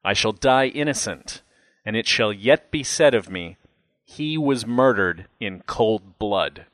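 A man voicing a calm, solemn condemned man facing death. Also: lowish voice, takes it slowly, dry recording.

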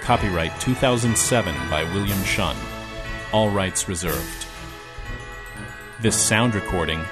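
A man reading his own story aloud in a steady, measured narration. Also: low voice. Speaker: narrator and author.

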